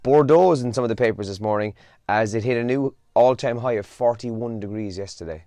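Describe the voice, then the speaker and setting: Tired, chatty radio host. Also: male voice, mid-range voice, a little fast, dark tone, no echo. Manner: casual and chatty, with yawns and asides. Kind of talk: solo breakfast show, reading newspaper headlines.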